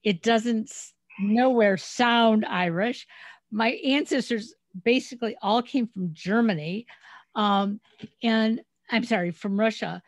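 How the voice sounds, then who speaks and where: A middle-aged woman hosting a podcast, telling family stories in a chatty, animated way over a remote call. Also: fairly high pitch, slow, dry recording. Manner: storytelling, chatty, animated retelling. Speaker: podcast host. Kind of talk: casual interview chat.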